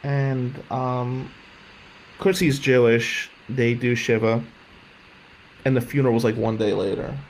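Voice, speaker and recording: A man's voice: medium pitch, steady tone, measured pace, pauses often, poor audio. A man telling his own life story with candor, rambling and swearing when upset, a faint hiss behind him. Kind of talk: emotional personal storytelling. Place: jail visiting room.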